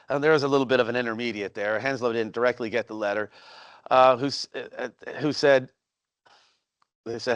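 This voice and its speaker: A man's voice: medium pitch, fairly bright tone, no echo. Casual male host, history explainer, meandering delivery, dry recording. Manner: rambling, with fillers and restarts. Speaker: educational video host. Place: historic house, on location.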